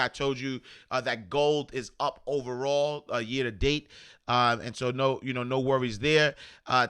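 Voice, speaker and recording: A man hosting a casual news commentary show, rambling with many fillers and getting animated when indignant. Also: medium pitch, smooth. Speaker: host.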